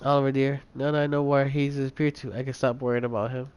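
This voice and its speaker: A man's voice: mid-range voice, little pitch movement, fast, darkish tone, slight background noise, lightly acted. A man voicing a doting older woman in a game, cooing and motherly over her cat.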